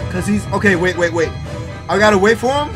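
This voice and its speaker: A young man playing a horror game and reacting out loud, yelping, laughing and talking slang to his viewers, with game music loud behind him. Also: high voice, lively intonation, a little fast. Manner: yelps, laughs and exclaims loudly; slangy, says "bro" often. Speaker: gaming YouTuber. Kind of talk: excitable horror game commentary.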